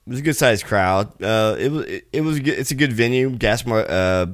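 A middle-aged man co-hosting a podcast, talking in a relaxed, halting way with many fillers. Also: mid-range voice. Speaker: podcast co-host. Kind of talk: casual chat.

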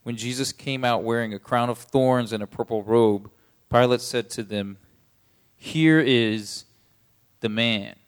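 A man preaches in a relaxed, conversational way, walking listeners through a scripture passage. His voice sits in an ordinary middle range and climbs with force when he stresses a point. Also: mid-range voice, moderate pace, clear, resonant tone. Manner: conversational preaching, rising emphatic on key lines. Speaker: pastor. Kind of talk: sermon.

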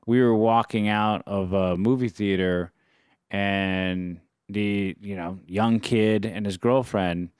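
A man talking in a casual chat, worked up and animated as he tells his stories. His voice is smooth and clear, and the mic is close and dry with no room sound. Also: on the low side, slow pace, dry recording. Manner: animated, fired-up storyteller.

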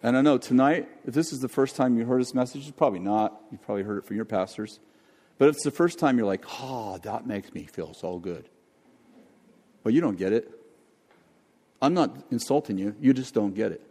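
A man preaching a sermon and leading prayer, animated, often acting out quoted voices. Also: mid-range voice, quick pace. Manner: animated, acts out quoted voices, jokes about accents. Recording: long hall reverb.

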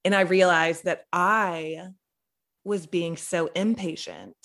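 A woman's voice: on the low side, steady tone, takes it slowly, a bit bright. A young woman, a podcast guest, telling a personal story in a chatty way, saying "like" often. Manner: chatty, heavy use of "like".

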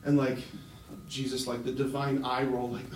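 A man who is a Catholic priest, giving a lively, conversational sermon to a live audience, full of asides and fillers. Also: mid-range voice, moderate pace. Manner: animated and conversational, with many fillers. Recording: roomy hall sound with faint noise.

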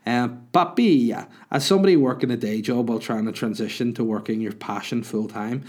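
His voice sits at medium pitch and is a little mellow, and he speaks a little fast. He's a comedian answering listener questions in easygoing chat on the podcast he hosts alone.

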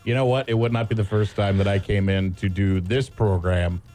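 A man's voice: fairly low pitch, steady tone, normal speed, warm tone, soft background music. A man co-hosting a morning radio show, talking in an easygoing, good-humored way. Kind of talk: casual chat.

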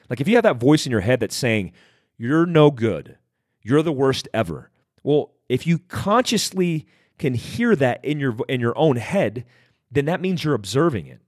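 A man's voice: medium pitch, no room sound, clean studio sound. A man hosting a podcast, talking directly and conversationally about handling stress, repeating phrases for emphasis. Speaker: podcast host. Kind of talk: motivational talk.

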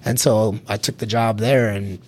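A man's voice: fairly low pitch, steady tone, moderate pace, darkish tone. A middle-aged man from Colorado, a security executive, telling his career story in a casual chat, laughing often and repeating words as he starts sentences.

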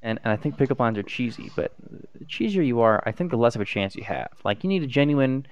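A young man, a student, chatting casually in a halting, hesitant way, with many restarts and fillers. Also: medium pitch, animated, clear, resonant tone, muffled recording. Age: young adult. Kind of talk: casual chat.

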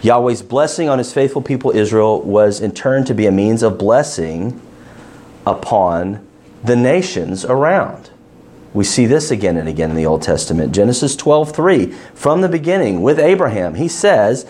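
A man leading an interactive Bible study, asking his class questions and stressing key words with animated emphasis. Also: lowish voice, moderate pace.

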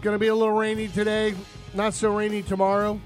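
High-voiced joking radio host man. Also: monotone, quick pace, soft background music. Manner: loose, joking, rambling with fillers. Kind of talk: casual radio chat.

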